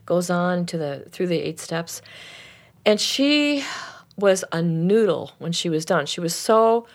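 Animated woman telling a workshop story. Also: on the low side, unhurried. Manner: animated, acts out the voices in her stories. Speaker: anger and forgiveness workshop leader. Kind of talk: storytelling in a conversation.

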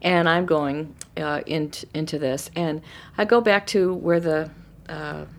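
A middle-aged woman telling a personal story in a casual, animated way, acting out what people said. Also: deep voice, unhurried. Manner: animated, acts out quoted voices. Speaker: storyteller guest.

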